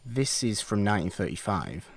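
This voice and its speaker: A man's voice: fairly low pitch, sing-song, moderate pace, vocal fry, husky. A man co-hosting a podcast about films, chatting casually in a rambling, wry way with many self-corrections. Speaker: podcast co-host. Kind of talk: casual film chat.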